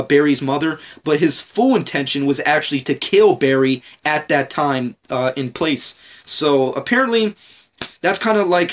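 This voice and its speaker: Excitable swearing man reviewing TV. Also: fairly high pitch. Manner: excitable, swears a lot, rambling with restarts. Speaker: TV show reviewer. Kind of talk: casual spoken review.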